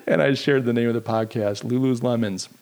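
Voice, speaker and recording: On his live-streamed podcast, a middle-aged man wanders through casual talk, teasing himself while replying to viewers in the chat. His voice is medium-pitched, darkish and steady, and he speaks briskly.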